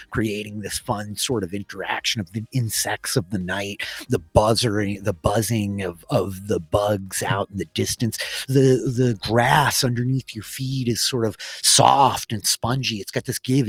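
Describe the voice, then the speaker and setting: Relaxed man running a tabletop game. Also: fairly low pitch, husky, no room sound. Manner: relaxed, rambling, many "like" fillers. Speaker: game master.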